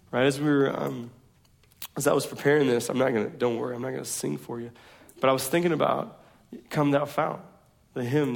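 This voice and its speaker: A man's voice: mid-range voice, gravelly. A man in his thirties preaching a sermon, telling self-deprecating stories in a casual, slangy way. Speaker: pastor.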